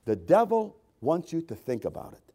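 A man preaching a sermon as a pastor, swinging between loud, emphatic repetition and quiet, conversational asides. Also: on the high side, huge pitch swings, moderate pace, breathy edge. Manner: repeats phrases for emphasis.

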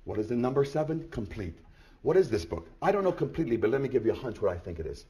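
A man preaching a sermon through a scripture passage, dropping to hushed tones and then building to loud, emphatic bursts, with repeated rhetorical questions. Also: mid-range voice, sing-song, quick pace. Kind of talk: expository sermon reading from scripture.

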